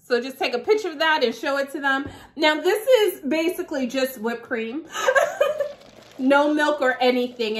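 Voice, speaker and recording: Woman, vlogger, high voice, unhurried, playful chat, frequent laughter. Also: fairly bright tone. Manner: chatty, laughs often, playful. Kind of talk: casual chat to camera.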